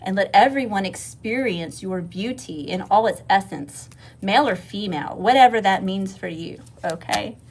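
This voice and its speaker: A woman's voice: mid-range voice, moderate pace, darkish tone, a little hiss or hum. A woman from Mississippi with a Southern accent, giving a casual livestream tarot reading, swearing freely and calling her viewers y'all. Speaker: tarot reader.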